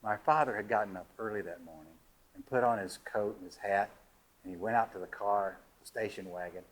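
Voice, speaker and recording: An older man from Georgia telling a personal story to listeners, lively and laughing, his voice rising high at the funny moments. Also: fairly quick, low-quality recording. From Georgia, USA.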